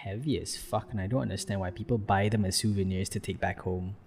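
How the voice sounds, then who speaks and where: A man's voice: on the low side, fairly even intonation, fast talker, a little mellow, slightly rough, in a large hall. A young man with a Malaysian English accent, co-hosting a casual podcast chat, jokey and swearing. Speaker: podcast co-host.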